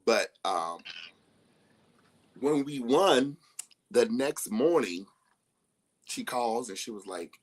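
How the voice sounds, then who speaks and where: A man's voice: mid-range voice, slow pace, long pauses, slightly rough. A young man, a guest on a casual live-stream chat, telling stories with bursts of laughter. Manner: animated storyteller who laughs often and acts out quoted people. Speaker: interview guest.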